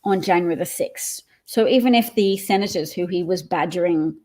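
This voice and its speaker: A woman's voice: lowish voice, normal speed, a little mellow. A woman hosting a political livestream, talking casually and explaining at length with some fillers.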